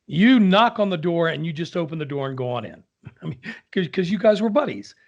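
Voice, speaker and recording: A man, an opera singer, telling a lively anecdote in casual conversation and acting out the people in it. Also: fairly high pitch, fairly quick, muffled recording. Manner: animated storyteller, acts out quoted voices.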